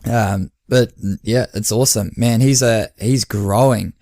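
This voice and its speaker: New male podcast host and coach, lowish voice, dry; animated storyteller. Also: measured pace, no echo. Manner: chatty storyteller who acts out quoted dialogue with laughs. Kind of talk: casual podcast chat.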